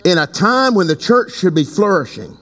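A man preaching a sermon as bishop of his church, talking conversationally and breaking into loud emphatic bursts. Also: high-pitched, animated, moderate pace. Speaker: bishop and pastor. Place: church sanctuary. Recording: long reverb in a large hall.

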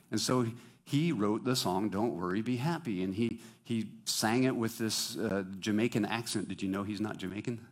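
Man, pastor, lively sermon delivery, chatty and playful with the congregation. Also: on the low side.

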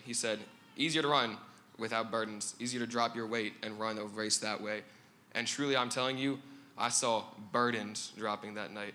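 Earnest young man with a bright voice. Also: mid-range voice, slight background noise. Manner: earnest, with fillers and restarts. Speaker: church member sharing a testimony. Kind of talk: testimony.

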